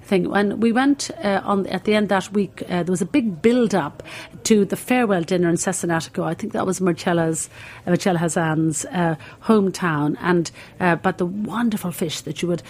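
Irish woman in her sixties, interview guest, meandering anecdotes, lowish voice. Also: moderate pace, a little mellow. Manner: rambling with many fillers and restarts. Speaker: cooking school founder, guest. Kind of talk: reflective anecdotal storytelling.

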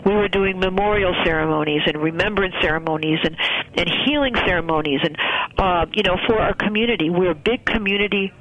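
A woman's voice: on the low side, a bit bright, slight background noise, rough recording. A woman guest on a talk show, a ceremony celebrant telling her story in an earnest, rambling way with many fillers. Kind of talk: conversational interview storytelling.

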